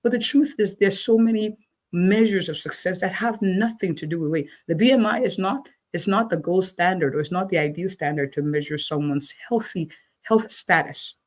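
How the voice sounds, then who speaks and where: A woman's voice: on the low side, moderate pace. A woman physician answering interview questions, encouraging and checking in with listeners, often repeating words for emphasis. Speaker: physician guest.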